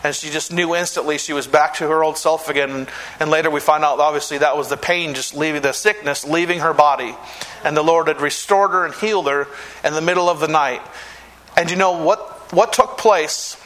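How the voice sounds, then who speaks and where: A male pastor preaching a sermon, telling a testimony earnestly and slowing down to stress key phrases. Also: on the high side, a bit bright, rough recording. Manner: earnest storytelling, preaching with slowed emphatic phrases.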